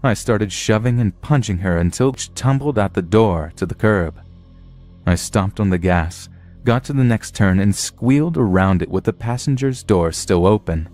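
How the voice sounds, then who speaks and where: A man with a deep, low-pitched voice reads a scripted horror story. His telling is blunt and profane, with a plain, steady delivery. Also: moderate pace, faint music behind. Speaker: narrator.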